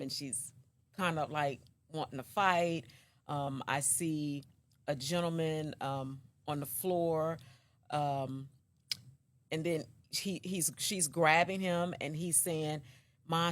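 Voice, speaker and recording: A woman, the mother of a young man, recounting in an interview what happened, with many pauses and restarts. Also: low voice. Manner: halting, many ums and restarts. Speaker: mother of the accused.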